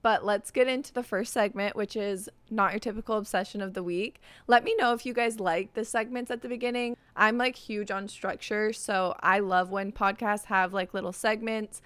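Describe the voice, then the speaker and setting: A woman's voice: medium pitch, steady tone, moderate pace, few pauses, a bit bright, clean tone, dry recording. A young woman hosting a solo podcast, talking in an upbeat, chatty way and saying "like" constantly. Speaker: podcast host. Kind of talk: casual solo podcast chat.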